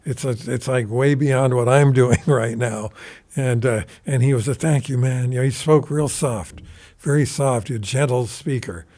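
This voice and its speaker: Animated older man telling stories. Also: mid-range voice, normal speed. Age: 70s. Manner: animated, rambling, swears casually. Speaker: guest guitarist. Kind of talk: casual anecdotal storytelling. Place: recording studio.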